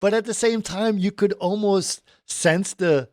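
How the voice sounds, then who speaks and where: A man's voice: high-pitched, unhurried, dry recording, clean studio sound. A man co-hosting a film podcast, retelling movie scenes and checking in with his co-host. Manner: retells scenes, often tags lines with "right?". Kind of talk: casual film discussion.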